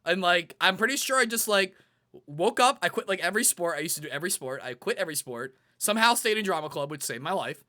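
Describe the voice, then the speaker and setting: A young man with a bright, forward voice, pitched a little above most men. He tells his own story in relaxed conversation and voices his past self in lively asides. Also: fast talker. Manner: animated, quotes himself in lively acted-out asides. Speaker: panel guest. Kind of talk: casual personal storytelling.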